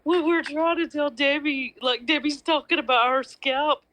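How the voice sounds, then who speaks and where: A woman's voice: sits high, moderate pace, a bit bright, poor audio. A woman hosting a casual chat, telling a funny story and often breaking into laughter. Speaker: host.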